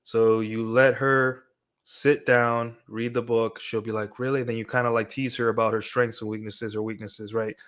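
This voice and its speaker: A man's voice: on the low side, level tone, normal speed, fairly bright tone. A young man giving casual dating advice on a livestream, rambling with frequent restarts and tag questions. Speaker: dating coach streamer.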